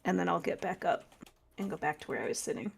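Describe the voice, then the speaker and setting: A woman's voice: fairly low pitch, animated, fast, vocal fry, husky. A woman playing in a tabletop role-playing game, talking bluntly and casually. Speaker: player.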